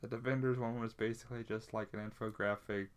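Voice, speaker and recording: A man's voice: on the low side, fairly even intonation, fast talker, smooth. A man co-hosting a casual podcast chat, rambling with plenty of fillers and restarts. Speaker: podcast co-host.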